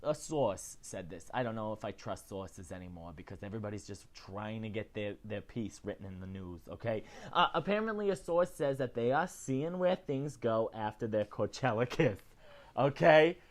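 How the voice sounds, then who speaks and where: A man hosting a casual celebrity news show, chatty and animated, often tagging his lines with "okay?". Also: on the low side, moderate pace. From not British. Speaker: host.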